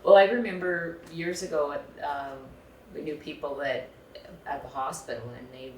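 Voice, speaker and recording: A woman's voice: deep voice, steady tone, normal speed. A middle-aged woman co-hosting a casual chat, sharing anecdotes in a chatty way. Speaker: podcast co-host. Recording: roomy, distant mic, faint noise.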